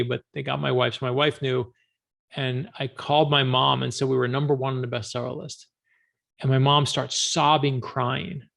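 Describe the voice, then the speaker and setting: Gravelly, animated male author. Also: mid-range voice. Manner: animated, emphatic storyteller. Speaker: author guest. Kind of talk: storytelling interview answers.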